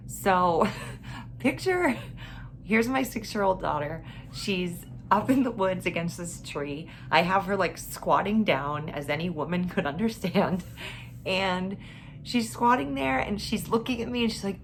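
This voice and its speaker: A woman's voice: fairly low pitch, normal speed, a little hiss or hum. A mother telling a funny family story in a casual way, laughing often and ending with a motivational message.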